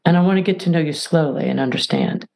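A woman author as a podcast guest, talking in an emphatic, animated way and acting out little dialogues. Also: low voice, fast talker, gravelly. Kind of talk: podcast interview.

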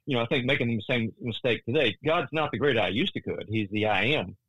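A man in his sixties, a Christian author, telling a story earnestly in an interview, often restarting his sentences and rising in pitch at tense moments. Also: brisk, fairly bright tone, husky, no room sound, poor audio.

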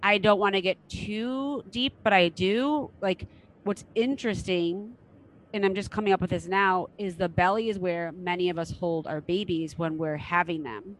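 A woman's voice: on the low side, steady tone, normal speed, a little hiss or hum, low-quality recording. A middle-aged woman hosting a casual interview podcast, frank and enthusiastic and swearing now and then. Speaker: podcast host.

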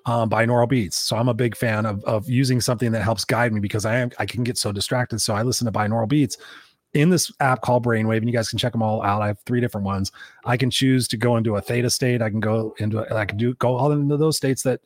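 A man's voice: medium pitch, fairly even intonation, fast talker, dry recording, studio quality. A man co-hosting a podcast, chatting casually, telling rambling personal stories with a bit of swearing. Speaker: podcast co-host and coach.

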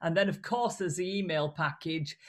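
A woman's voice: low-pitched, normal speed. Blunt, chatty woman with a regional British accent. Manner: animated, blunt, chatty with restarts. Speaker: guest, voice and communication coach. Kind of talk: casual remote interview.

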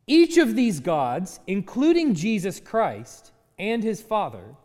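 A man teaching a class, speaking in an animated way, chuckling often and restarting his sentences. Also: high-pitched. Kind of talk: class lecture. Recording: hall reverb.

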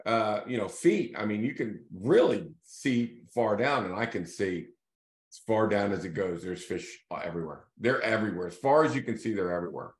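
A man hosting a casual video series, telling a fishing story in a loose, animated way and acting out the voices of the people in it. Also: fairly low pitch, moderate pace. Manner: animated storyteller who acts out quoted voices. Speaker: real estate team leader hosting a video series. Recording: echoey room.

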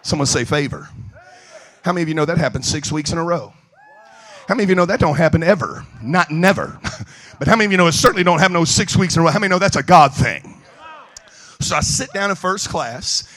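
Husky, animated male evangelist. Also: a little high, fast talker. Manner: animated, joking, acts out stories. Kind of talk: sermon storytelling.

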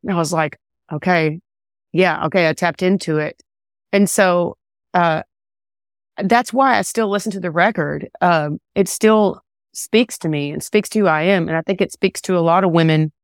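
Woman, country singer-songwriter, smooth clear voice, lowish pitch, dry close sound, rambling chat. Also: normal speed, no room sound. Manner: relaxed, rambling, many fillers and restarts. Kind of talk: casual interview chat.

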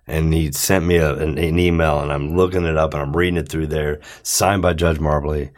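Very low-voiced man telling a story. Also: level tone, normal speed. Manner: rambling, acts out both sides of phone calls. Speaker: former client telling his story. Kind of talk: casual conversational storytelling.

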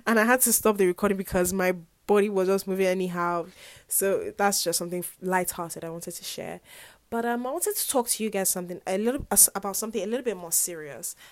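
A woman's voice: mid-range voice, fast talker, no echo. A young woman in her twenties, a university student, talking earnestly and reflectively about her faith in a casual vlog, rambling with lots of "like" and "whatnot". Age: young adult. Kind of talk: personal faith vlog, casual confessional talk.

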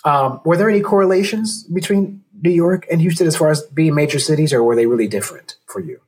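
A man's voice: fairly high pitch, fast, a little mellow, slightly rough. A man hosting an interview show, chatting casually, acting out quotes and laughing easily. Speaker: show host.

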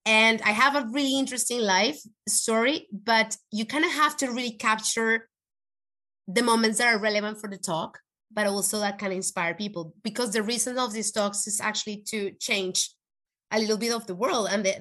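A woman guest in an interview, telling an emotional personal story in an earnest, animated way, with frequent restarts. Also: mid-range voice, moderate pace. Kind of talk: conversational podcast interview.

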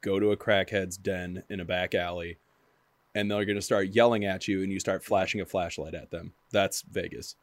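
Low-voiced comic quipper, close dry mic. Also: male voice, steady tone, no room sound. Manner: quick jokey quips, laughs a lot. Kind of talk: casual chat.

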